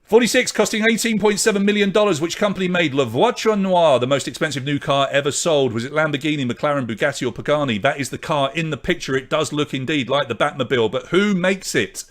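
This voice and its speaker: A man hosting a live online pub quiz, from Britain, briskly reading out questions, answers and scores and chatting with viewers. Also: a little high, fairly bright tone.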